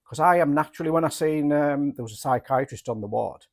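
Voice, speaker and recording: A man's voice: a little high, fast. A man who works as a therapist, co-hosting a podcast and telling frank, jokey stories about himself. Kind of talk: candid casual chat.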